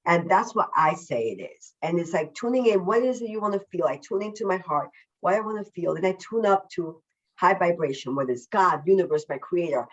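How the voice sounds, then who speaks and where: A woman, a self-love coach, talking as a podcast guest over a video call, effusive and emphatic, deliberately slowing down her naturally quick way of speaking. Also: on the low side, lively intonation, muffled recording. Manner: deliberately slowing her usual fast speech. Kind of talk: casual podcast interview.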